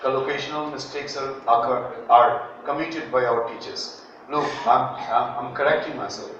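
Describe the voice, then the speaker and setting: A man's voice: mid-range voice, steady tone, moderate pace, fairly bright tone, slight background noise. A Bangladeshi man, a native Bengali speaker, teaching English pronunciation in a classroom, saying words for students to repeat and joking as he goes. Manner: drills words for students to repeat, jokes and chuckles. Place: large classroom. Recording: very echoey, distant, muffled room recording.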